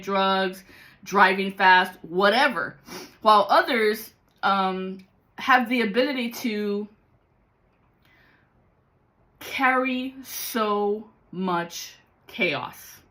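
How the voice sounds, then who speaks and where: A woman giving a rambling, excitable spiritual vlog monologue as a card-reading guide, swearing freely. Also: medium pitch, slow, rough recording.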